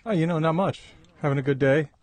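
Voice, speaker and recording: A man's voice: a little high, quick pace, no echo. A man telling an easygoing story as a guest in casual podcast chat.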